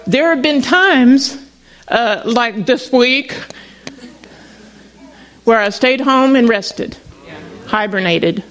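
A woman's voice: a little high, expressive, extremely slow, long pauses, low-quality recording. A middle-aged woman pastor preaching in a chatty storytelling way, often restarting her sentences. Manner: conversational storytelling with frequent restarts. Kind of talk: sermon.

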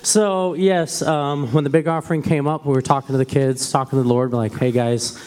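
A father tells a church testimony with lively storytelling. His voice is mid-pitched for a man. He slips into his children's voices as he recounts what they said. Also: normal speed, smooth. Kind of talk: spontaneous testimony.

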